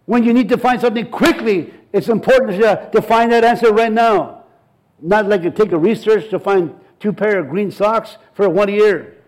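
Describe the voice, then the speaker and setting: Preaching at a moderate pace, this male pastor has a high-pitched voice captured on low-quality audio. He brings his stories to life with acted-out lines and plenty of repetition.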